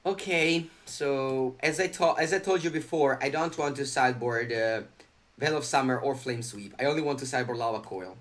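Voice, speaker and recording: A man's voice: mid-range voice, moderate pace, a bit bright. Young man, live stream commentary, chatty, answers chat, close desk mic. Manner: chatty, reads viewer chat aloud and answers it.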